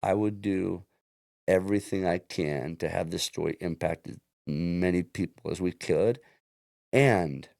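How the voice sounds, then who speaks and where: Deep gravelly man telling his story. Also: unhurried, a little mellow, no echo, studio quality. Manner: earnest, storytelling, with restarts. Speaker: podcast guest. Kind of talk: casual interview chat.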